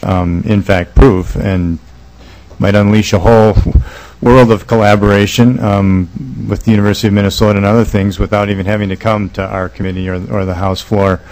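A man with a very deep voice speaks in a legislative committee room. His delivery stays level and monotone, earnest and measured, and he stumbles through frequent "uh"s and "um"s as he makes his case. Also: low-quality recording. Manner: halting, many uh and um fillers. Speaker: state legislator. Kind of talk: committee hearing testimony.

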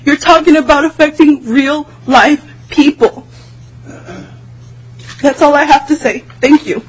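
Very high-voiced woman, tearful and pleading, testifying at a hearing. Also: a little slow, rough recording. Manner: impassioned, pleading. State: tearful, voice breaking. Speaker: public testifier.

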